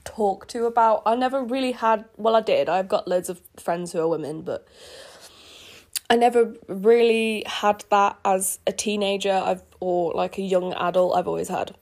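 A woman's voice: medium pitch, measured pace, a little mellow. A woman in her twenties reading her old fan fiction aloud and commenting on it, laughing and mocking herself. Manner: giggly, self-mocking, cringing. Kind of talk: embarrassed read-aloud commentary. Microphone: earphone listeners, close mic.

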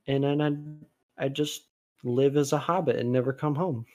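A man co-hosting a podcast in casual chat. He rambles with lots of fillers and has sudden animated bursts. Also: medium pitch, normal speed. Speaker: podcast co-host.

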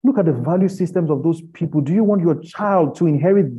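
A man's voice: on the high side, animated, brisk, hardly any pauses, breathy edge. Impassioned male preacher. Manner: rising to loud pleading rhetorical questions. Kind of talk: impassioned sermon. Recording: dull lo-fi recording.

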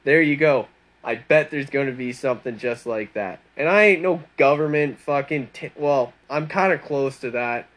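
A man's voice: mid-range voice, normal speed. Foul-mouthed sarcastic man ranting. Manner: swears constantly, sarcastic and mocking; rambling, animated storytelling. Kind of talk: profane monologue rant.

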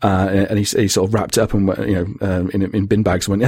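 A man with a husky voice, chatting casually on a podcast in a rambling, sweary way. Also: lowish voice, little pitch movement, quick pace, darkish tone, no room sound. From Britain. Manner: rambling, sweary, laughs often. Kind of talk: casual chat.

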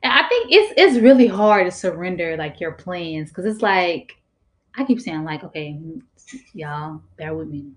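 A young woman in college chatting casually about faith, lively, laughing and filling with "like". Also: on the low side, a little slow. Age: young adult. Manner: lively, laughing, filler-heavy, affirms often.

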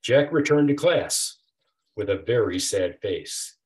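An older man, an author reading his own rhyming picture book aloud with a steady rhythmic delivery. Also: fairly low pitch, slow. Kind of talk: storybook read-aloud.

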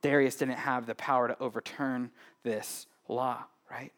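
A man's voice: medium pitch, steady tone, a little slow, fairly bright tone. A man preaching a sermon as pastor, talking to the congregation in a loose, conversational way, often adding "right?" and joking with them.

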